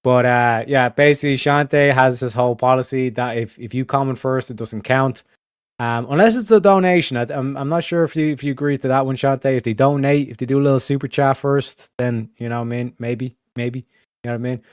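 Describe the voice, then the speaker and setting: A man's voice: mid-range voice, fairly quick, smooth, dry recording, clean studio sound. An Irish man hosting a stream in casual chat, rambling and swearing, repeating his catchphrases. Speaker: streamer host.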